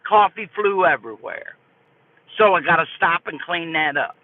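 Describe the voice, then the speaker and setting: An older woman streaming live, telling a story to her chat in an animated, folksy way. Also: fairly low pitch, moderate pace, dry recording. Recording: tinny phone-like dry audio.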